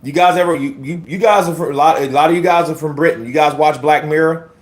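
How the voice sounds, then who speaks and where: A man's voice: on the high side, quick pace. A man hosting casual boxing commentary on a livestream, blunt and profane, talking to his chat as bro.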